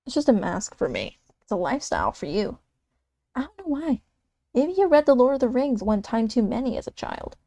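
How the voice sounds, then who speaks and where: A woman's voice: on the high side, big pitch swings, a little fast, gravelly, dark tone, dry recording, full character voice. A woman voicing a teasing young woman who poses as an elf bard, in a flowery, mock-solemn manner. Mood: frank.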